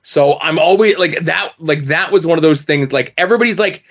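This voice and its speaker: A man's voice: on the high side, brisk, a bit bright. Podcast host guy, casual and wry, kinda dull lo-fi sound. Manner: wry, joking asides. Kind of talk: casual chat.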